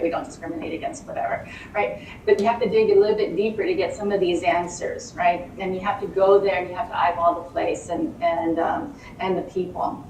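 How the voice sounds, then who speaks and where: A middle-aged woman giving an animated, conversational talk to a live audience, often repeating words and asking rhetorical questions. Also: medium pitch. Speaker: lecturer speaking to a live audience. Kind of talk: conversational presentation. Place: meeting room with an audience. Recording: roomy hall, distant mic, faint room noise.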